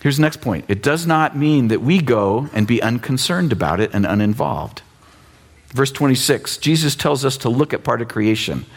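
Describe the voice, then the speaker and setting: A man in his fifties preaching a sermon as pastor, in a conversational, animated way with teasing asides. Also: mid-range voice, normal speed. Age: 50s.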